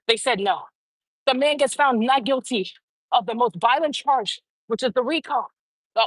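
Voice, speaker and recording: A woman with a high, husky voice rants on her own commentary show. She is fired up and profane, hammering her points home by repeating lines. The sound is close and dry. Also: normal speed, dry recording. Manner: heated, profane, repeats phrases for emphasis. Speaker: show host. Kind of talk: opinionated commentary rant.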